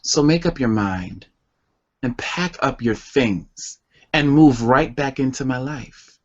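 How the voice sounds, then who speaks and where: A man reads poetry at an unhurried, measured pace, lingering over each line with deep feeling. The sound is dull and lo-fi, like an older internet radio show. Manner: slow, deliberate, emotional delivery. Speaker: poet and author guest. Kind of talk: slow poetry reading and chat.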